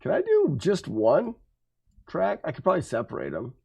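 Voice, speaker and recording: A man's voice: a little high, huge pitch swings, vocal fry, mellow, breathy edge. Musing man thinking aloud as he edits. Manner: musing, halting, self-correcting. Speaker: game developer streaming his work. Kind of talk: casual think-aloud commentary.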